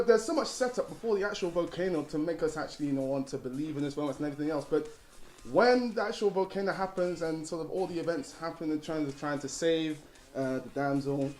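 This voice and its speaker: A young man giving an animated, rambling film review, often laughing. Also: on the high side, echoey room. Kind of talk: casual film review chat.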